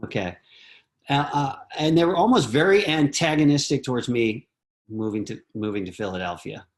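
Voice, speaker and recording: A man's voice: medium pitch, expressive, moderate pace. A man on a video call, earnestly telling a personal memory with many fillers and restarts. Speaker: disciple giving homage.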